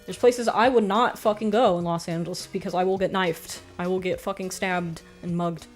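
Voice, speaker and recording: A young American woman livestreaming in a casual chat, rambling and animated, swearing often and reading out viewer comments. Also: lowish voice, normal speed, faint music behind. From United States.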